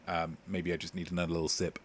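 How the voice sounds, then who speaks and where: A man's voice: deep voice, flat delivery, fast. A man hosting a live-streamed comedy quiz from a home setup, joking playfully and breaking into sung snippets of song lyrics. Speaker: quiz host.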